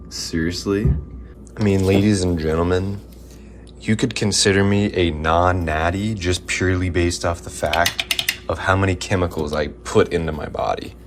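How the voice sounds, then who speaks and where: A man's voice: low-pitched, slight background noise. A young man vlogging casually to camera about his gym day, telling a rambling, slangy story. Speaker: fitness vlogger. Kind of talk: casual vlog talk to camera.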